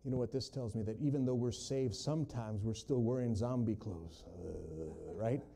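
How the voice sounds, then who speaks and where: A man preaching a sermon, sharing his testimony and shifting between hushed storytelling and loud, emphatic quotes. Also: lowish voice, moderate pace, gravelly.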